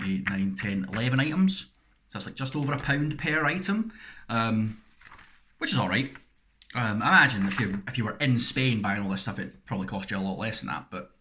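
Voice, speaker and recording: A man's voice: mid-range voice, pushed and bright, a little hiss or hum. A man chatting casually in a snack review vlog, rambling and poking fun at himself between bites. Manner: rambling, self-deprecating chat while eating. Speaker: snack reviewer, channel host.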